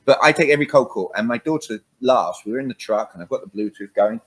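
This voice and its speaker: A man's voice: medium pitch, quick pace, breathy edge, low-quality recording. A man, a communication coach, talking animatedly in an interview and acting out phone calls. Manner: lively, acts out phone calls, emphatic. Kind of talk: animated interview talk with acted examples.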